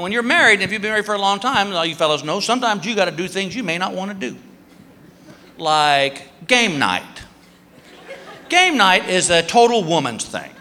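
A middle-aged man doing a stand-up comedy routine, telling stories with animated delivery on stage before a live audience. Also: a little hiss or hum. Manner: animated storytelling, acting out his wife in a high voice. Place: stage in a large venue. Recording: echoey hall with audience. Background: audience laughter.

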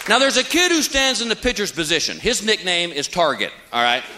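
A man's voice: sits high, brisk, a loud crowd. A man doing stand-up comedy, telling stories animatedly and acting out the characters. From Texas. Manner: animated storytelling, acts out characters. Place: stage before a live audience. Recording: live show with audience laughter. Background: audience laughter and noise.

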